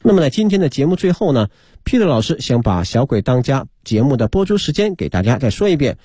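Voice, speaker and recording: A man hosting a children's radio program, giving a brisk broadcast announcement. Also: medium pitch, big pitch swings, mellow, breathy edge. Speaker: radio show host.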